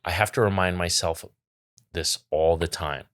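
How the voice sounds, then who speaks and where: A middle-aged man co-hosts a casual chat podcast, offering earnest advice and reading viewer questions aloud. His voice sits low and fairly bright, at a moderate pace.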